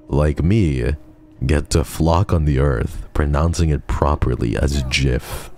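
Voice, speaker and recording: A man's voice: very deep voice, takes it slowly, mellow. A young man streaming a game, bantering with his chat in a profane, teasing way. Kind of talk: casual game stream chatter.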